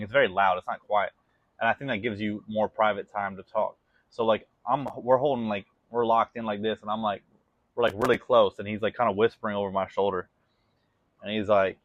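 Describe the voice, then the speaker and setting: A man's voice: medium pitch, dry recording, muffled recording. A young man giving an emotional personal testimony in a rambling casual way, full of "like" and "dude". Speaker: vlogger.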